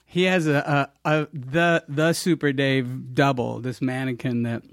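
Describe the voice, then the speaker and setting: A man spins backstage anecdotes in a loose, rambling way, stumbling through fillers and restarts. His voice sits at an average pitch. The sound is dry and close, with no room around it. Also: steady tone, a little slow, dry recording. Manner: rambling, many fillers and restarts, laughing asides. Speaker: guest telling stories; television director. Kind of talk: casual storytelling chat.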